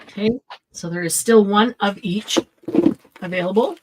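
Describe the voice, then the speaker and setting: Middle-aged woman running a live craft sale, chatty, thinks out loud on prices. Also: mid-range voice, normal speed, background noise. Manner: chatty, thinks aloud while pricing items. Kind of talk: casual live sale chat.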